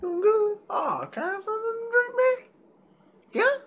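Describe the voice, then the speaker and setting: A high-pitched, hotheaded buddy in a comedy skit who whines and hollers, voice all over the place. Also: male voice, very animated, normal speed, lo-fi sound, exaggerated voice. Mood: pleading. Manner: high, whiny, yelling, pitch swinging wildly. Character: loud touchy young man, easily riled.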